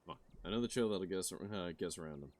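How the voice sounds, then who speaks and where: A man's voice: sits low, lively intonation, quick pace, darkish tone. A man voicing a chirpy young monster-hunting vlogger woman. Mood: eager. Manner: chirpy, presenter-like. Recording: music playing behind.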